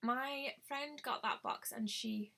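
A woman's voice: a little high, takes it slowly, creaky, fairly bright tone. A woman chatting bubbly on a live stream, greeting viewers by name, recorded on a webcam at home. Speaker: beauty vlogger. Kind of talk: live-stream casual chat.

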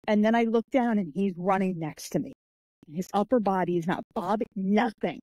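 A mid-range voice at normal speed, with no room sound, belongs to this interview guest, an author and martial artist. She tells animated stories in a casual chat, acting out the people in them and frequently saying "like" and "I'm like."

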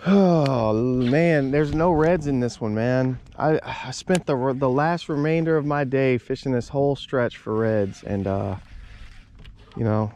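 A man with a mid-range, darkish voice fishes from a small boat on a marsh, talking casually to the camera. Laid-back and chatty, he addresses both viewers and the fish in this outdoor vlog commentary, with slight background noise.

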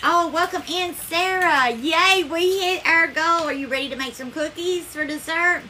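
A woman's voice: extremely high pitch, moderate pace, pushed and bright, slight background noise. A woman with a Southern accent hosting a live cooking stream, chatting effusively and calling viewers darling as she thanks them by name. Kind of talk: casual live-stream chat and cooking demo.

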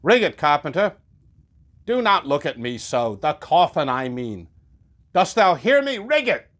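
A man's voice: fairly high pitch, expressive, normal speed, husky, pitched above the performer's own voice. A man voicing a stern, troubled male first mate who barks orders in a raised voice. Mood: commanding.

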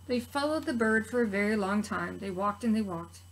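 A woman teacher reading a picture book aloud to preschool children, gently expressive with soft asides to her listeners. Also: mid-range voice, normal speed, low-quality recording. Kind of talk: children's story read-aloud.

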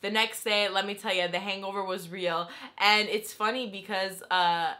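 A young adult woman telling a story in a casual, animated vlog style, saying "like" constantly. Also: mid-range voice, normal speed. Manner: chatty and animated, heavy use of "like". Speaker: vlogger.

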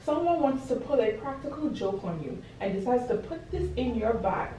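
A woman's voice: fairly high pitch, very animated, moderate pace, dark tone, slight background noise. A young woman with a Bahamian accent, casually confronting her boyfriend in a prank vlog at home, repeating his name and accusing him. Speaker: prankster vlogger. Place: home indoors. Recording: echoey room, mic far off, faint music.

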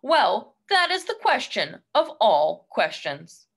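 A woman's voice: fairly high pitch, big pitch swings, slow pace, gravelly, exaggerated voice. A woman voicing a wise old man of the produce, speaking in grand, riddling lines for a storybook read-aloud. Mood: solemn. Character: wise old male produce sage, solemn and cryptic.

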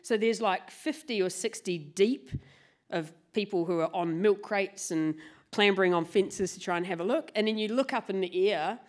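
A woman telling a true story live to an audience, lively and laughing often, swearing casually. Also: mid-range voice, moderate pace. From New Zealand. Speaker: motorcycle club president and storyteller.

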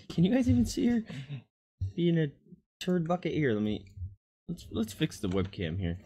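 A woman game streamer talking casually to her viewers while playfully scolding an excited dog in a sing-song voice. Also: deep voice, normal speed, husky. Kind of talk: casual stream chat with pet.

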